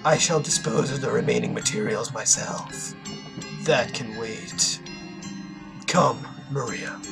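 A cold, stern middle-aged father speaks slowly from low in the chest, as a man puts him on. Each line comes out deliberate and solemn, with long drawn-out words. Faint game music sits underneath. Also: gravelly. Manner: slow, deep, solemn delivery.

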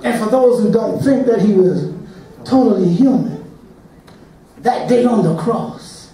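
A man in his fifties preaches a fervent sermon in a strikingly high, lively voice, rising to shouts and calling the congregation y'all. He takes his time over each phrase. The sound is a reverberant church sanctuary picked up from far off. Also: unhurried. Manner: impassioned, builds to shouts, addresses congregation as y'all. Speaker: assistant pastor.

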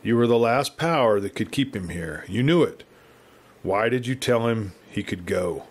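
Man reading a young western woman, low steady voice, cold and blaming. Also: moderate pace.

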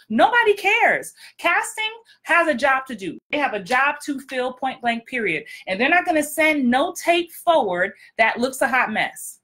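A woman's voice: high-pitched, bright, forceful tone. A woman acting coach giving very direct, blunt advice in a frank, emphatic vlog talk. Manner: frank, emphatic, repeats for effect.

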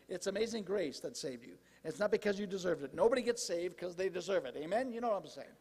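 Man, pastor, lively conversational sermon, high voice, long hall reverb. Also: fast, hardly any pauses, slightly rough. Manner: animated, conversational preaching with asides. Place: church sanctuary.

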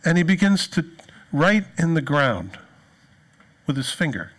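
A man preaching a sermon as pastor, telling stories in an animated way and acting out the people he quotes. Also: on the high side, measured pace.

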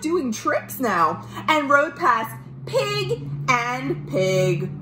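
Children's librarian woman at home, slow, lively storytime read-aloud, roomy sound. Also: sits high, a little hiss or hum. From United States. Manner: animated storytime voice, gasps and asks questions. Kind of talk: reading a picture book aloud to children.

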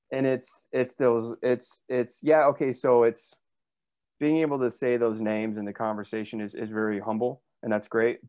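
Actor dude rambling thru stories, kinda low voice, muffled lo-fi audio, dead dry. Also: male voice, a little mellow. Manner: chatty, rambling with fillers and restarts. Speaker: actor, interview guest. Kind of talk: casual interview storytelling. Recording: dull lo-fi dry sound.

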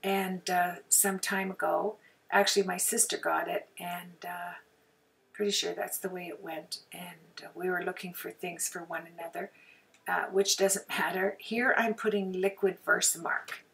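A woman with a hoarse, sore throat chatting through a crafting tutorial voice-over, often clearing her throat and apologizing. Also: on the low side, level tone, measured pace, a bit bright, distant mic. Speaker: card-making crafter.

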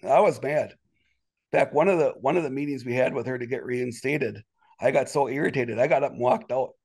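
A man telling a personal story as an interview guest in a casual, rambling way, with sudden indignant rises in his voice. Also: breathy edge. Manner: animated, quick jumps in pitch when indignant; rambling with many restarts and "you know".

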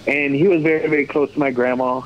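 A man's voice: medium pitch, fairly even intonation, fast talker. A man in his twenties, a podcast guest, telling a rambling story and quoting himself as he goes. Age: 20s. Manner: rambling, quotes himself with "I was like". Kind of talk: casual storytelling. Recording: dull lo-fi sound with faint noise.

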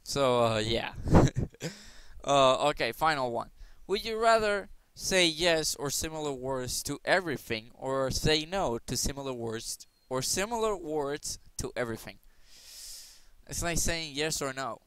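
A man's voice: medium pitch, lively intonation, a little slow, a bit bright, clear, resonant tone, dry recording. A young man hosting his channel, rambling and joking his way through quiz questions, now and then breaking into silly voices. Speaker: gaming channel host. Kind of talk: casual commentary playing a quiz game.

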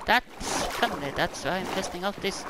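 A woman's voice: lowish voice, animated, normal speed, very noisy. A woman hosting casual gameplay commentary, chatty and exclaiming, talking back to the characters on her screen. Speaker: gaming channel host.

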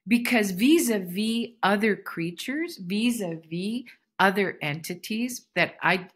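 Woman podcast host, husky lower voice, reflective spiritual solo musing. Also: a bit bright. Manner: reflective, spiritual musing that circles back and repeats phrases. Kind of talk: casual solo podcast monologue.

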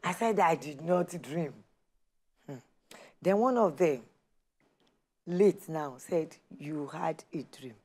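A woman's voice: sits low, slow pace, pauses often. A woman telling her personal story on a talk show, acting out the dialogue as she goes. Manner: animated storyteller, acts out quoted dialogue. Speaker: guest sharing her testimony.

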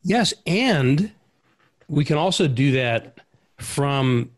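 A man's voice: fairly high pitch, lively intonation, extremely slow, no echo. A man hosting an interview, reflecting aloud in searching phrases. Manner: thoughtful, searching phrasing with restarts. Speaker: interview host. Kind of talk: conversational interview over video call.

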